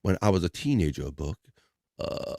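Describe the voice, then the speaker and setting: A man's voice: deep voice, very animated, moderate pace, vocal fry, darkish tone, dry recording, studio quality. Laid-back rambling male stream host. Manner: rambling and laid-back, lots of fillers and chuckles. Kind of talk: casual chat.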